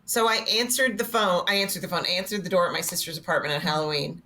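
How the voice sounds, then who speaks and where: A woman's voice: on the low side, quick pace. A woman from Canada telling self-mocking comic anecdotes on a podcast, acting out the people in her stories. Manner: animated, self-mocking, acts out voices in anecdotes. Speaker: guest co-host. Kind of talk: comedic storytelling chat.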